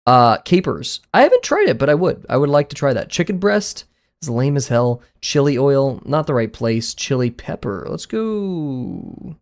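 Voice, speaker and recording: A man streams live and talks to his viewers in a loose, casual way. His verdicts come out blunt and offhand, and he is quick to throw in a sorry. His pitch sits in an ordinary middle range. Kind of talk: casual livestream chatter.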